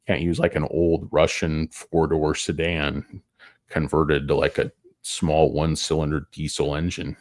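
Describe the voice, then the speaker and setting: A man's voice: extremely low pitch, level tone, measured pace, no room sound, clean studio sound. A tired man hosting a stock market show, rambling through casual, profane, joking commentary that wanders off topic.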